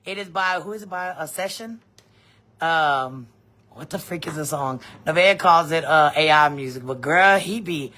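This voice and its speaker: A woman's voice: low voice, moderate pace. Blunt, foul-mouthed woman ranting. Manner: blunt, profane, animated storytelling. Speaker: vlogger. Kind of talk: casual storytime rant.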